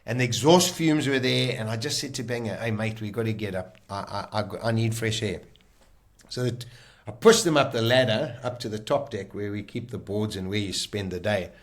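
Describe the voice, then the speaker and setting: A man, a guest on a podcast, telling a personal story in a vivid, animated way and acting out the lines people said. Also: lowish voice, normal speed.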